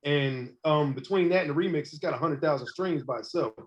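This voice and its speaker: A man's voice: fairly high pitch, brisk. A man in his forties, a hip hop artist guest, telling stories casually and acting out quotes. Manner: animated storyteller, acts out quotes. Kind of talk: casual storytelling interview. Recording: muffled lo-fi recording.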